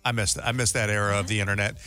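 A man's voice: fairly low pitch, little pitch movement, rapid-fire, bright, forceful tone, faint music behind. A man co-hosting a radio talk show, riffing and laughing in casual chat.

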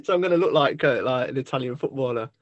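A man's voice: mid-range voice, quick pace, no room sound, highs cut off. A man hosting a radio chat, chirpy and chatty. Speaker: radio host. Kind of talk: casual chat.

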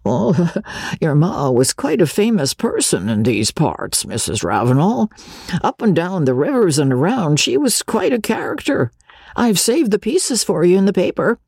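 Brief: woman doing an awkward, stammering small-town man for an audiobook; low, husky voice. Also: big pitch swings, unhurried, darkish tone, no echo, clean studio sound, heavily acted. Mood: deferential. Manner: hesitant, stammering, polite. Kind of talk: audiobook character voice.

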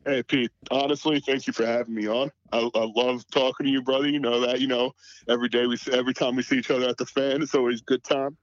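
A man's voice: mid-range voice, little pitch movement, quick pace, dry recording, dull audio. A man as a podcast guest in casual sports chat, laid-back and full of "you know" fillers.

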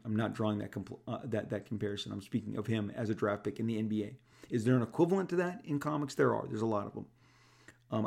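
A man with a deeply gravelly, fry-heavy voice at an ordinary mid pitch, telling stories to his fans. He speaks in an animated, casual way and keeps repeating words for emphasis. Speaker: comic book creator.

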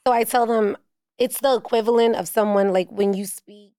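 A woman, hosting a casual interview, quick, emphatic and playful. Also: a little high, steady tone, mellow, no echo, studio quality. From Puerto Rican, living in the Bronx. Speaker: podcast host.

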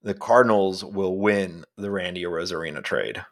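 A man's voice: sits low, moderate pace. A man co-hosting a sports podcast in casual chat, talking hesitantly with many fillers. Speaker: podcast co-host.

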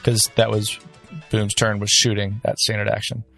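A man's voice: fairly low pitch, completely flat delivery, moderate pace, vocal fry, fairly bright tone, soft background music. A man running a tabletop game as game master, explaining rules with hesitant restarts.

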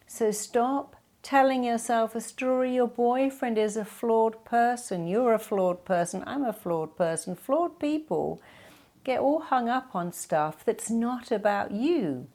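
A woman's voice: a little high, animated, unhurried, darkish tone. A woman hosting an advice podcast, giving listeners direct, instructive coaching. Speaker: podcast host and therapist.

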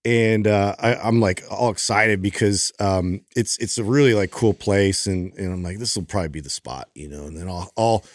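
A man's voice: lowish voice, moderate pace, hardly any pauses, no room sound, clean studio sound. A man co-hosting a podcast, telling a long story in casual chat and acting out the voices of people in it. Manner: animated, acts out voices in his stories. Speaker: podcast co-host.

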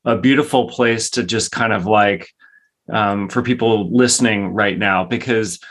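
A man's voice: on the low side, normal speed, a bit bright. A man co-hosting a podcast, speaking casually in a rambling way with many restarts. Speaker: podcast co-host.

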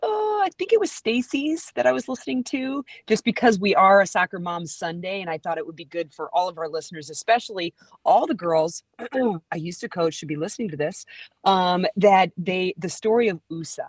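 A woman's voice: lowish voice, animated, moderate pace, dry recording. A middle-aged woman hosting a podcast, chatting casually in a rambling way with restarts. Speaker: podcast host. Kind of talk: casual chat.

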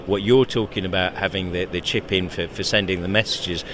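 A man representing a company at a busy trade show, explaining a product haltingly and repeating words. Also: low-pitched, steady tone. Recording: noticeable background noise.

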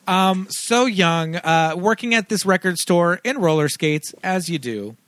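Guy cohosting a film podcast, slow and easy, laughs a lot, dead dry sound. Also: high voice, fairly bright tone, dry recording. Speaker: podcast co-host. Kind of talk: casual chat about a movie.

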